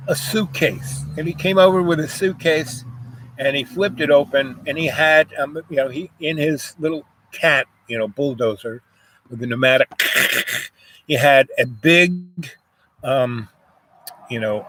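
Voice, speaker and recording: A man's voice: a little high, a little slow, fairly bright tone, a little hiss or hum. Older man from Jamaica, rambling anecdote. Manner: meandering, full of "you know" and "um" fillers. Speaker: storyteller.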